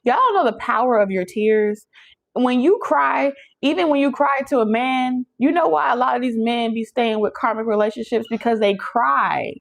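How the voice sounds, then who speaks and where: A woman giving a casual channeled tarot reading, talking straight to her viewers in an animated, preachy way and laughing often. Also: fairly high pitch, normal speed, gravelly, low-quality recording. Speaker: tarot reader.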